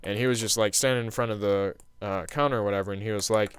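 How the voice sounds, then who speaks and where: Rambling young man with a lowish voice. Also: fairly even intonation, fast, few pauses, clean tone. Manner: casual and meandering, heavy on fillers like "um" and "like". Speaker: gaming channel host. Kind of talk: rambling storytelling over gameplay commentary.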